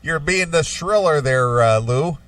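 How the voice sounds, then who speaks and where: A man's voice: fairly high pitch, expressive, unhurried, distant mic, background noise. A man hosting a radio talk show, teasing and laughing along with a caller. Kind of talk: casual talk radio banter.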